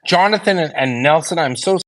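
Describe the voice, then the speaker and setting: A man's voice: on the high side, expressive, brisk, a bit bright. A man in a heated live audio debate, ranting angrily and hurling insults at his opponent. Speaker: debate participant.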